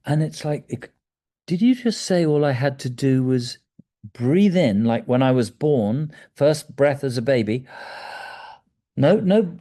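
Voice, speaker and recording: A man in his sixties speaking as a guest about breathwork, in a gentle, meandering way that sometimes drops to a soft near-whisper. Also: on the high side. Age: 60s. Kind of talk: reflective conversational talk.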